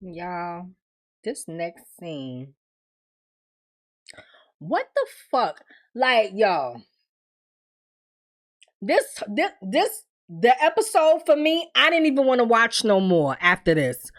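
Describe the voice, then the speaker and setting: Animated, slow-talking woman recapping a show. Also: mid-range voice. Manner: emphatic and exasperated, swears freely, talks straight to viewers. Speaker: TV episode recap host. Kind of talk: casual spoken recap to viewers.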